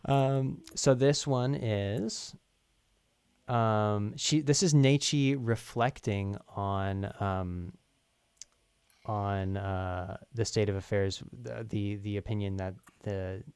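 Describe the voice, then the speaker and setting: A man's voice: lowish voice, slow, a little mellow, smooth, no echo. A man directing a voice recording session, patiently explaining lines and pronunciations with many fillers. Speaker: writer and voice director. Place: recording studio.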